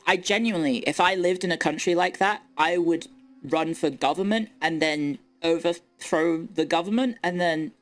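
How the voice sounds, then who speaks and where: A young woman streaming, ranting in casual chat with incredulous outbursts. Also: mid-range voice. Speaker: VTuber streamer.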